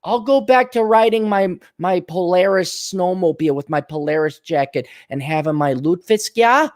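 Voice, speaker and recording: A man's voice: high-pitched, normal speed, close to an everyday voice. A man voicing a prim, fretful older Minnesotan man with an exaggerated Minnesota accent and a whiny, sing-song, tut-tutting manner. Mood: prissy.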